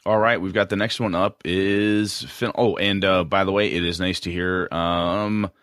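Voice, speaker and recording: A man with a very low voice co-hosts a gaming podcast. He talks in a rambling, hedging way, stopping and restarting often. The sound is close and dry. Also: steady tone, a little slow, fairly bright tone, no echo. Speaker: podcast co-host. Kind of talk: casual podcast chat.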